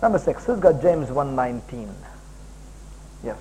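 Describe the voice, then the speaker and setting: A middle-aged man from India preaching a sermon as a guest, jokey and animated, often breaking into high emphatic exclamations. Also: measured pace, a little hiss or hum, rough recording.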